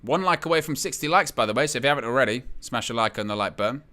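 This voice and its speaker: Guy doing live wrestling play-by-play, bright punchy voice, yells at big hits. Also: mid-range voice, very fast. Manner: excitable, exclaims at big hits, reads chat aloud. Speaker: wrestling watch-along host.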